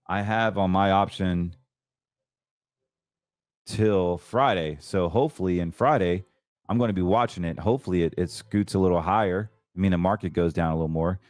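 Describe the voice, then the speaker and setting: A low-pitched man hosts a financial show in a loose, chatty monologue. He gets excited, trips over his words and restarts, and sounds close and dry with no room around him. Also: normal speed, no room sound. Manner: chatty, stumbles and restarts, excitable about trades. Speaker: host.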